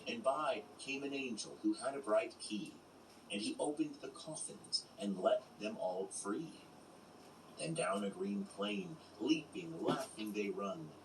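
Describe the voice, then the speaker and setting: A man reciting poems in a slow, measured, unhurried way, as an audiobook reader. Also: medium pitch. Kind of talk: slow poetry reading. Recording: roomy, distant mic with background noise.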